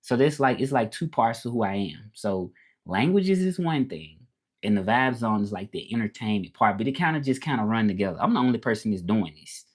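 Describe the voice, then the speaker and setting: A man's voice: fairly low pitch, very animated, fairly quick. A man from Memphis with a Southern US drawl, chatting casually on a livestream as a language teacher, laid-back and repeating himself as he answers viewers. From Memphis, Tennessee, United States.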